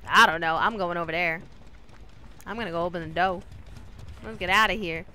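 A woman streamer giving casual commentary while she plays, chatty and talking to her teammates and the killer, with sudden excited yelps. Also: fairly low pitch, fairly quick, a little hiss or hum. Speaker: gaming streamer.

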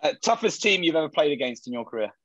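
Brief: bright high-pitched male host, snappy questions, muffled lo-fi sound. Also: very animated, quick pace, dry recording. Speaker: podcast host. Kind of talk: rapid-fire interview questions.

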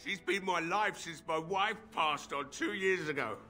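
A weary drunk old blacksmith. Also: male voice, on the high side, measured pace, pushed and bright, faint music behind. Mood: despairing. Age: older. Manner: weary, despairing. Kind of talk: video game dialogue.

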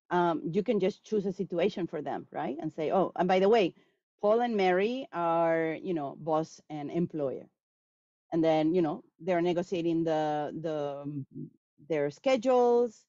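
Woman explaining language teaching, kinda low voice, bit muffled dry sound, acts out students. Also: no room sound. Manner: animated, acts out quoted students. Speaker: guest speaker on language teaching. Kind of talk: lecture Q&A answer. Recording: dull lo-fi sound.

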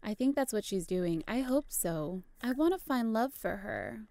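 A woman's voice: mid-range voice, very animated, normal speed, warm tone, dry recording. A young adult woman casually commentating a life-sim game, chatty and playful, often laughing. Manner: chatty, giggly, playful self-narration. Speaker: gaming YouTuber. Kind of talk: casual let's-play commentary.

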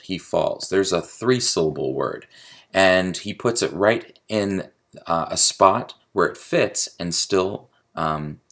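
A man's voice: deep voice, a bit bright. A man teaching a creative writing lecture, explaining sound and meter and tapping out stress patterns aloud. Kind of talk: recorded video lecture.

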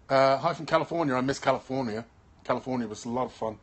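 Tired man from Birmingham, actor, relaxed live-stream chat through a handheld phone, throat-clearing, trailing ums. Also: mid-range voice. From Birmingham, England. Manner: laid-back, keeps clearing his throat, trails off with ums. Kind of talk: casual live-stream chat, reading viewer comments. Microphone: phone held in hand.

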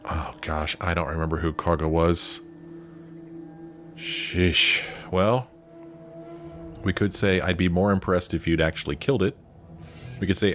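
A man's voice: low voice, measured pace, long pauses, fairly bright tone. A man hosting a let's play, chatting casually and reading dialogue options aloud. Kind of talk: casual game commentary. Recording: faint game music behind.

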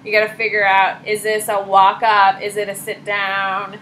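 A woman's voice: medium pitch, monotone, normal speed, a bit bright, slight background noise, low-quality recording. A woman teacher giving a casual classroom lecture, chatty and full of asides and stories.

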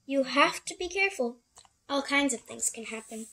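A woman's voice: high-pitched, lively intonation, moderate pace, sharp tone, heavily acted. A woman voicing a cautious, fearful father cat in a picture book.

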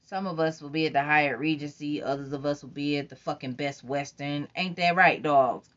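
A woman's voice: sits low, fairly even intonation, moderate pace, fairly bright tone. A woman voicing a crude, cocky young man on tour in an audiobook reading, teasing and suspicious, on a dull lo-fi recording.

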